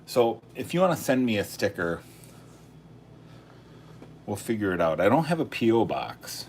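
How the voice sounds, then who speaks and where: A man's voice: lowish voice, sing-song, normal speed, a little mellow, a little hiss or hum. A man hosting a casual live stream, chatting and thinking aloud as he sorts coins, often correcting himself. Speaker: coin collecting channel host.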